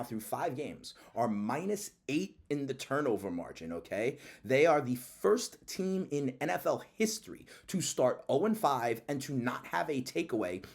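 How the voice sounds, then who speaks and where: Male sports channel host, lively pitch, emphatic and repetitive delivery in casual commentary. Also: creaky.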